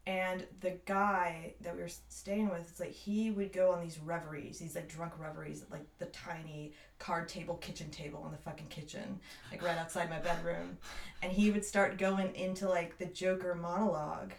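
A woman chatting casually on a podcast, telling stories in an animated way and swearing freely. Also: fairly low pitch, moderate pace, creaky, slight background noise. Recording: roomy, slightly distant mic.

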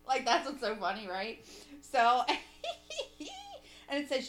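A woman's voice: a little high, very animated, slow, a bit bright, faint music behind. A woman co-hosting a casual comedic chat, profane and laughing often, breaking into mocking impressions. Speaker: podcast co-host.

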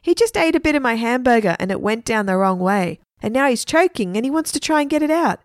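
A woman's voice: expressive, quick pace, no room sound, clean studio sound. A woman voicing a timid but brave young boy in a children's story read aloud. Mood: anxious. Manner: squeaky, anxious.

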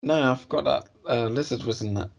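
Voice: mid-range voice, gravelly, muffled recording. A co-host thinking aloud through a casual movie quiz, hesitating and searching for answers. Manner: slow, hesitant, searching for answers with lots of ums.

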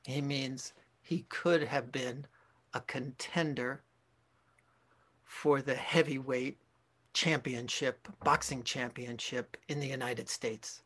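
A Zen teacher giving a dharma talk, speaking in a slow, reflective way with pauses and self-corrections. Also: male voice, mid-range voice, fairly even intonation, a bit bright, slightly rough.

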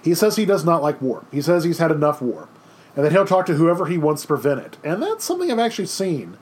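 Chatty, fairly high-voiced male teacher. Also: very animated, quick pace, a little mellow. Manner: chatty, informal, with many fillers and quoted asides. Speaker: history teacher. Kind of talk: casual classroom lecture.

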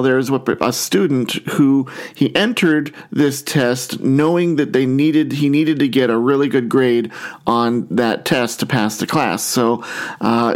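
A man preaching a sermon as pastor, opening with a conversational story and acting out quoted voices. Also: mid-range voice.

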